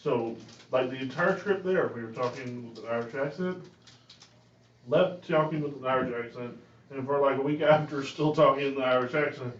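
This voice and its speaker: Relaxed man in an echoey room. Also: mid-range voice, moderate pace, slight background noise. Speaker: player. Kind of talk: casual chat between game sessions. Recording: dull, echoey room audio from a distance.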